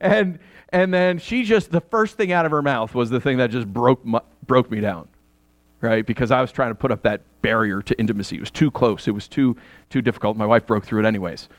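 A man's voice: mid-range voice, brisk, dry recording. A middle-aged man preaching a sermon in a chatty, conversational way, with asides to his congregation and bursts of laughter. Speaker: pastor.

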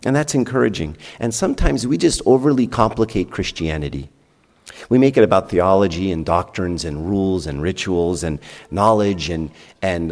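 A man's voice: low voice, lively intonation, moderate pace, darkish tone, in a large hall. A man preaching a homily as a priest, chatting with the congregation through rhetorical questions and acted-out dialogue. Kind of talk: sermon. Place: church.

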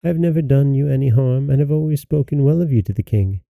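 A man voicing a kind young princess in a storybook reading, speaking softly and pleadingly. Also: medium pitch, fairly quick, creaky, dry recording, close to an everyday voice.

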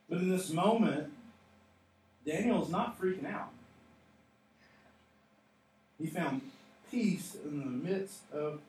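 A man's voice: on the high side, slow, pauses often, a little mellow, distant mic. Man preaching in an echoey hall. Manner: storytelling, building to emphatic, laughing asides. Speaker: pastor. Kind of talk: sermon. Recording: echoey hall, off-mic, faint noise.

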